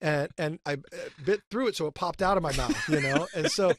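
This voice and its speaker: A man in his fifties, a guest, telling stories in a casual, animated way with lots of fillers. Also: a little high, a little fast, no room sound, studio quality. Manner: animated, acts out quotes, many fillers. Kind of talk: casual storytelling.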